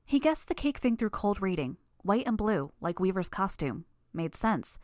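A woman voicing a cocky young know-it-all in an audiobook, quick and knowing. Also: medium pitch, big pitch swings, a little mellow, no room sound, studio quality, lightly acted. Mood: smug.

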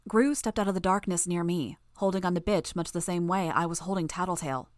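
A woman with a lowish voice telling a first-person story in audiobook narration. Her delivery is steady and even. The recording is dry and close. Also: brisk, no room sound.

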